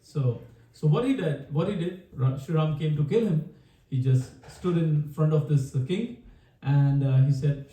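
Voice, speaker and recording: A man's voice: a little high, measured pace, dark tone. A man leading a home devotional program, telling a story with many fillers and restarts. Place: home gathering room. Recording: echoey room, voice from far off.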